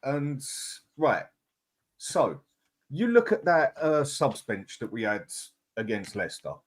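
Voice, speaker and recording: A man's voice: medium pitch, sing-song, takes it slowly. A man on a live football fan panel, talking things through and putting questions to the others, with a sarcastic streak. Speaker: guest panelist. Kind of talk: casual football fan chat.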